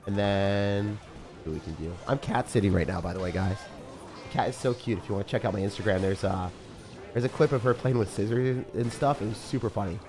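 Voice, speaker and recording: A man with a low, slightly hoarse morning voice talks casually through a live game stream. He mixes play-by-play calls with chatty replies to viewers, while faint music plays underneath. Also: a little fast, a little mellow. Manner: casual, chatty, reads viewer comments aloud. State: rough morning voice. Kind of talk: live gameplay commentary and chat reading.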